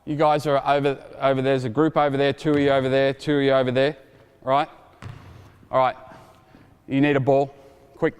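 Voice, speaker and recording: A man in his forties coaching basketball players through a drill, energetic and joking as he calls out instructions. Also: medium pitch, brisk, long pauses, clear, resonant tone. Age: 40s. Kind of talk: coaching clinic demonstration. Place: indoor basketball court. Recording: reverberant gym hall. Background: basketballs bouncing.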